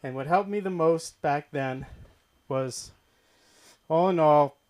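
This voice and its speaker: Halting, slightly high-voiced stand-up man. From Boston. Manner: hesitant, halting delivery with deadpan punchlines. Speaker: stand-up comedian. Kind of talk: open mic stand-up. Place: comedy club stage.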